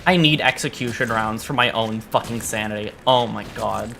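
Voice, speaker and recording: Bright-voiced, exasperated young streamer guy. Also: fairly low pitch, moderate pace, creaky, soft background music. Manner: exasperated, swearing, stammering restarts. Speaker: VTuber streamer. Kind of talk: casual gaming stream chat.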